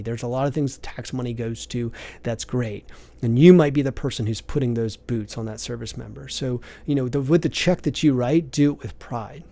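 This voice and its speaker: A man's voice: medium pitch, mellow, no room sound. A man hosting a podcast, giving earnest, emphatic business advice in a preachy monologue. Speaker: podcast host, business coach.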